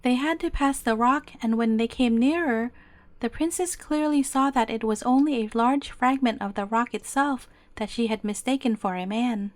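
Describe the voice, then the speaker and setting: A woman with a high voice reads a fairy tale aloud at bedtime, gentle and steady. The sound is dry and close, with no room around it. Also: moderate pace, no room sound. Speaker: storyteller. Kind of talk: bedtime story narration.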